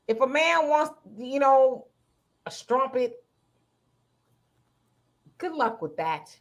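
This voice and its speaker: Woman, talk show host, high voice, animated, chatty. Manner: animated, talkative, laughs often, acts out quoted voices. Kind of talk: casual commentary.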